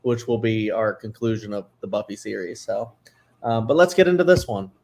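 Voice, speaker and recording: A man co-hosting a casual chat show, rambling with many fillers, excitable and a little emotional. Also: on the low side, moderate pace. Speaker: co-host.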